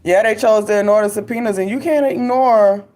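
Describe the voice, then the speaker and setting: A woman's voice: medium pitch, a little fast, mellow. Young adult woman, chatty casual host, slangy and laugh-prone, mid-range voice. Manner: loose, talkative, laughs often, slangy. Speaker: livestream host reading viewer comments. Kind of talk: casual commentary chat.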